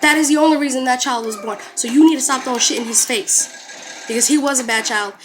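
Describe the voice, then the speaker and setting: A woman's voice: sits high, a little fast. A young woman angrily confronting her in-laws, cursing and sarcastically quoting them. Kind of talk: angry confrontational rant to family.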